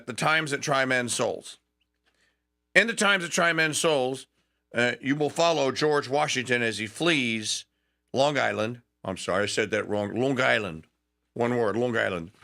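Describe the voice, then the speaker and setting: A man's voice: fairly low pitch, pushed and bright. A man hosting a talk show, telling a history story with enthusiasm, digressions and frequent restarts.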